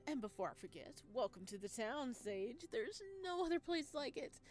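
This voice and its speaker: A man's voice: extremely high pitch, very animated, normal speed, soft background music. A woman voicing a flamboyant male restaurant owner in a put-on vaguely Italian accent, grandiose and flowery. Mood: effusive.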